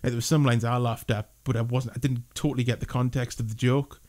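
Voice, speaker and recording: A man's voice: medium pitch, fairly even intonation, fast talker, darkish tone. Rambling young man chatting about a film. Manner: rambling, lots of 'like' and restarts, laughs often. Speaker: film reviewer. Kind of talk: casual review chat.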